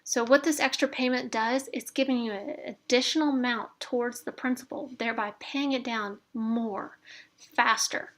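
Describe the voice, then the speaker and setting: Middle-aged woman, slightly high voice, casual encouraging tutorial host, chatty with fillers. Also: fairly even intonation, moderate pace, a bit bright. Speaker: instructor demonstrating a debt spreadsheet. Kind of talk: casual screen-share tutorial.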